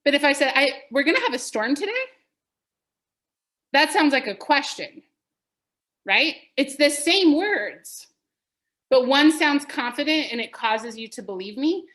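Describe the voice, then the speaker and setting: Woman, coach, high-ish voice, bright, emphatic. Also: unhurried. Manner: lively, emphatic storytelling. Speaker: real estate coach. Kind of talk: webinar teaching. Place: home office. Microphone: video call.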